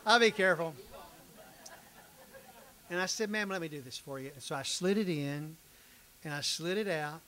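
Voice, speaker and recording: An older man leads a Bible class, reading scripture and then explaining it in a relaxed, folksy manner. His voice sits a touch higher than most men's. He circles back on phrases to drive them home and jokes easily with the class. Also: slight background noise, rough recording.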